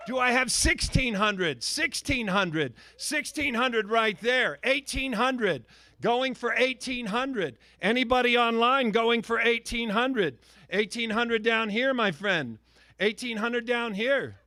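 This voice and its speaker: A man with a high, ringing voice runs a charity auction, firing off bid calls in energetic patter. He jokes and needles the bidders by name. The sound is dry and close, with no room around it. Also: slow pace, no echo.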